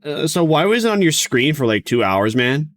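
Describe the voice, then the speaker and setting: A man's voice: on the high side, sing-song, normal speed, no echo, clean studio sound. A man streaming a reaction to a video, talking casually in a mocking, rambling way full of restarts.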